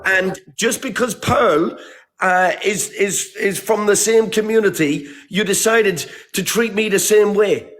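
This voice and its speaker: A man's voice: sits high, a little slow. A man calling into a live stream, angrily confronting another caller and swearing. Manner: angry, swearing. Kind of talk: angry argument.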